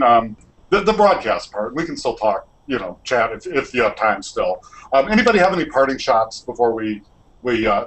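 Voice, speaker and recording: A man's voice: medium pitch, fairly bright tone, poor audio. A man hosting a casual video call discussion, easygoing and a bit rambling, poking fun at himself. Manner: easygoing, rambling, self-mocking. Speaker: host of a web discussion series. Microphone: video call webcam.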